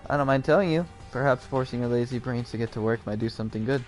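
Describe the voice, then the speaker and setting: A man's voice: mid-range voice, fast talker, faint music behind, pitched below the performer's own voice, close to an everyday voice. A man voicing a cold, arrogant rich young man in a video game, reading the lines in a haughty, dismissive way. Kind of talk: reading game dialogue aloud.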